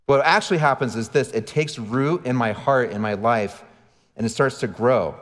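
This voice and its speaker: A man in his thirties preaches from the stage, candid and self-deprecating, with a middle-pitched voice. His sermon goes out over a church livestream, and the big room leaves a long reverb trailing after each phrase. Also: moderate pace, a bit bright. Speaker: pastor. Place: large church auditorium.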